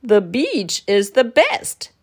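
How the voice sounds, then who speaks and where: A woman voicing a big, friendly and helpful dinosaur in a storybook read-aloud, speaking gently. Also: medium pitch, wildly swooping pitch, takes it slowly, full character voice. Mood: gentle.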